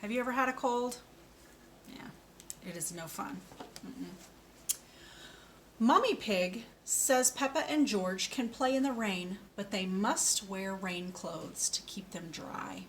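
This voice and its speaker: A woman teaching a speech lesson for children, modelling each word slowly and clearly with patient coaching. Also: mid-range voice, expressive, a little hiss or hum. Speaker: speech therapist.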